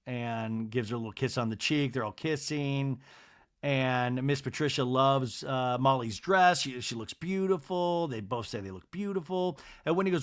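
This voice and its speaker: A man hosting a reality TV recap podcast, talking casually with swearing and quickly acting out the cast's lines in voices. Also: mid-range voice. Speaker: podcast host.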